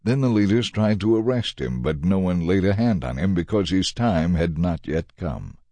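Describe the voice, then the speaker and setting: A man narrates a dramatized scripture reading in a deep, dark voice. His intonation is lively and expressive. The sound is dry and close, with soft music underneath. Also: normal speed, no echo. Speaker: scripture reader.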